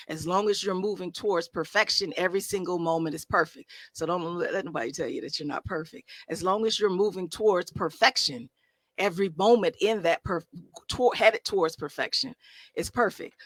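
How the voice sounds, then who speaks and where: A woman life coach gives a motivational talk with a bright, forceful voice, leaning on rhetorical questions and preacher-like emphasis. Her phrasing stays casual and conversational. The sound is dry and close, with almost no room around it. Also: lowish voice, dry recording. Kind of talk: motivational talk to a live audience.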